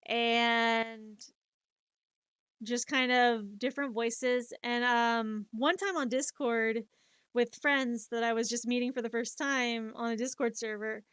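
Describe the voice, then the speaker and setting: Woman streamer in her thirties, casual storyteller; clear, slightly high voice, dry sound, rambling with fillers. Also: fairly even intonation, takes it slowly, a bit bright, dry recording. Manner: rambling, many fillers and restarts, laughs at herself.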